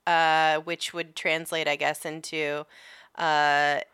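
A woman's voice: deep voice, flat delivery, slow, fairly bright tone, clean tone, no echo, studio quality. A woman co-hosting a casual podcast, who swears freely, laughs a lot and reads history notes aloud. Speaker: podcast co-host.

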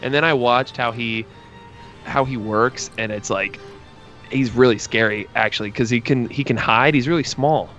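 A man in a casual chat who tells movie scenes in a rambling, animated way full of fillers and asides. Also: mid-range voice, normal speed, highs cut off, faint music behind.

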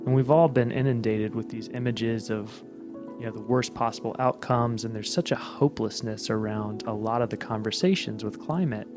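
A measured, earnest man speaks reflectively at a mid pitch. Loud plucked guitar music plays underneath his voice the whole time. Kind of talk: reflective conversation.

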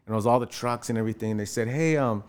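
Animated man retelling his story. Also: rapid-fire, clean tone. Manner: animated, acts out quoted voices with jumps in pitch, many fillers. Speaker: actor telling his start in film. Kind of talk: casual storytelling interview.

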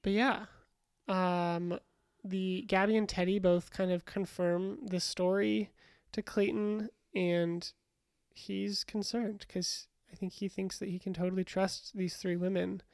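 Young woman, co-host, casual chat, gravelly, dry sound. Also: mid-range voice, flat delivery, unhurried, darkish tone, no room sound. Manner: chatty, many fillers and restarts. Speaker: podcast co-host. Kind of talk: casual chat recapping a reality show.

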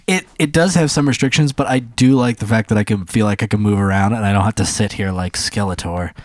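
A man co-hosting a podcast, chatting casually and telling stories with lively acted-out quotes. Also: fairly quick, no echo, clean studio sound. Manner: animated storyteller, acts out quotes in a high voice. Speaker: podcast co-host. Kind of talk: casual chat.

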